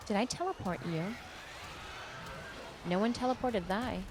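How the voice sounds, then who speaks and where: A woman's voice: mid-range voice, measured pace, background noise. A woman chatting casually while streaming a video game, laughing often and rambling into asides at her desk mic. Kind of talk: casual chat while gaming.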